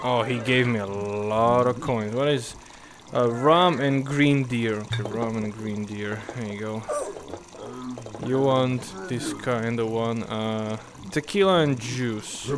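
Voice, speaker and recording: A man's voice: mid-range voice, takes it slowly, background noise. A man playing a bar-serving game and chatting casually, exclaiming, swearing and putting on a mock-polite tone for customers. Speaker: gaming YouTuber. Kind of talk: casual gameplay commentary.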